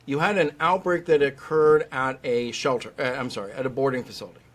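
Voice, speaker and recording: As a guest in a podcast interview, a middle-aged veterinary specialist talks fairly quickly at medium pitch. He narrates with animation and imitates the voices of anyone he quotes.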